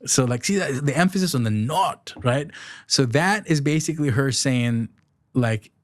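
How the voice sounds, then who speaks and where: A man's voice: medium pitch, lively intonation, normal speed, no echo, studio quality. A man in his thirties from the United Arab Emirates, hosting a podcast in a rambling, chuckling, self-correcting way. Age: 30s. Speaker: podcast host. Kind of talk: casual solo podcast chat.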